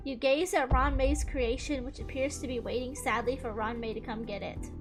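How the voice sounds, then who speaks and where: A young woman streamer chatting casually while playing a game, giggly and gushing. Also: sits high. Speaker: gaming streamer. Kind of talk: casual let's-play chat. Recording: commentary over game music.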